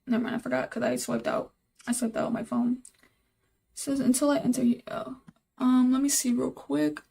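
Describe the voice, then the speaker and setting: A woman's voice: high-pitched, fairly even intonation, moderate pace, vocal fry, mellow, breathy edge. A young woman live-streaming while she codes, thinking aloud, repeating herself, and talking to her chat in casual, easily exasperated chatter.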